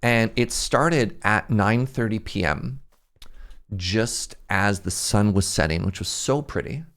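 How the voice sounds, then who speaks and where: Young man, low voice, gravelly, chatty streamer, rambling, self-deprecating. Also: takes it slowly, fairly bright tone. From Canada. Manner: rambling, restarts often. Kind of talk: casual livestream chat while gaming.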